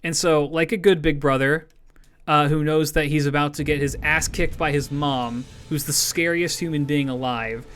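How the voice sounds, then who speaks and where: A man's voice: a little high, fairly even intonation, moderate pace, a bit bright, clear, resonant tone. A man streaming a game while telling a story in a rambling, profane way, full of restarts. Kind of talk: casual storytelling while gaming.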